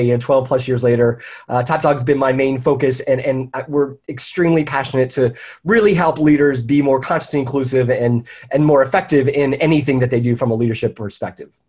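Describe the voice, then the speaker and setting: A man's voice: mid-range voice, brisk, darkish tone. A man telling stories as a guest on an interview show, chatty and full of restarts. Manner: chatty storyteller with many restarts. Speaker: guest, leadership consultant. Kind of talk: casual interview talk.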